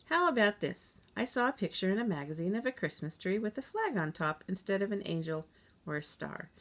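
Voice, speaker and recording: Gentle, upbeat storybook mother, soothing manner, voiced by a woman reader. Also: mid-range voice, sing-song, a little fast. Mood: cheerful. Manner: cheerful, soothing. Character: cheerful, gentle mother Mrs. McIntyre.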